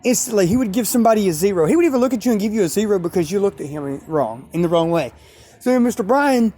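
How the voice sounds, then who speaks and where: A man's voice: sits high, dark tone, no echo. Rambling man telling a story at night outside. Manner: rambling, repetitive, with sudden emphatic rises. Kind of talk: casual storytelling vlog. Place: outdoors at night.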